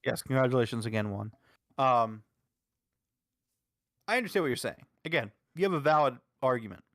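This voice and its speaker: A man's voice: medium pitch, a little fast, a bit bright, no echo, studio quality. Emphatic, argumentative man co-host. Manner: emphatic, argumentative, heavy use of "like". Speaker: podcast co-host. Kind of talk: casual wrestling review chat.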